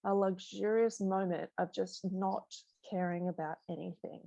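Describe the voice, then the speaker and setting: A middle-aged woman chats as a podcast guest, a business mentor with a lively storytelling way of talking. Her pitch sits in a middle range for a woman, and she brings anecdotes to life. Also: normal speed, creaky, muffled recording. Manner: animated storyteller, acts out voices in anecdotes. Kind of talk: conversational podcast interview.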